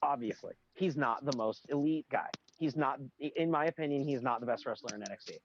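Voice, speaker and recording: A man's voice: mid-range voice, brisk, dull audio, a little hiss or hum. A man co-hosting a podcast in casual chat, ranting with strong opinions and frequent restarts. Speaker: podcast co-host.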